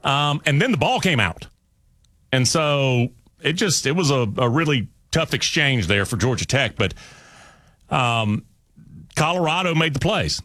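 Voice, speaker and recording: A man's voice: medium pitch, animated, a little slow, long pauses, a bit bright, no room sound. A man hosting sports talk radio, breaking down a game in a conversational, emphatic way. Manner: conversational, emphatic, talks through restarts.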